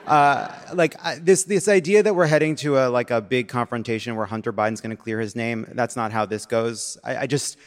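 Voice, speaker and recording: A man co-hosting a live political podcast, sardonic and profane, talking fast and animated. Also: medium pitch, in a large hall. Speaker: podcast co-host. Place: live stage before an audience.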